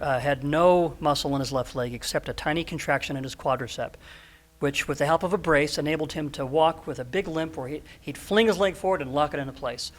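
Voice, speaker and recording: A man in his sixties, a podcast guest, telling stories in an earnest, animated way with frequent restarts. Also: on the high side. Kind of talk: storytelling in an interview.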